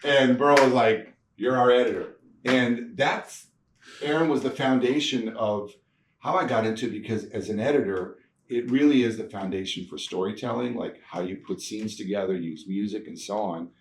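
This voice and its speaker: Lively storytelling man, echoey room. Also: fairly low pitch, moderate pace. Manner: animated storyteller, laughs often, acts out quotes. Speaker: guest, TV producer. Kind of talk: casual storytelling interview. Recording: echoey room, mic at a distance, faint noise.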